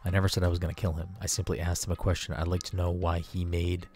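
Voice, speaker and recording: Man reading a cool, measured young female detective, low voice, faint game music. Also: completely flat delivery.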